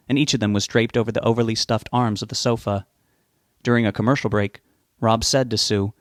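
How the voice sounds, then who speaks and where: A man narrating a novel as an audiobook reader, giving the characters' lines small lifts in pitch. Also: no echo, studio quality.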